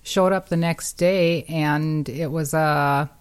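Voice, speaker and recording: A woman, telling an anecdote in a chatty, brisk way on a radio show. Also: sits low, steady tone, smooth. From Minnesota. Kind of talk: casual storytelling.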